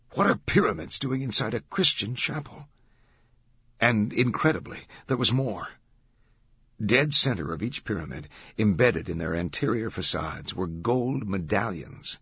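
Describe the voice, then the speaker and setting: A man narrates an audiobook in a measured, dramatic way. His voice is very low and strongly husky. The recording is dry and slightly dull. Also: fairly bright tone, no room sound. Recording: dull, dry studio sound.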